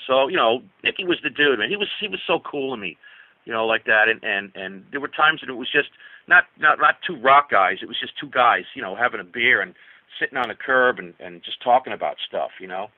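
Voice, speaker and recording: A man's voice: mid-range voice, lively intonation, brisk, no room sound. A male rock musician telling stories as an interview guest, rambling with many restarts. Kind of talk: casual storytelling. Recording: tinny phone-line sound.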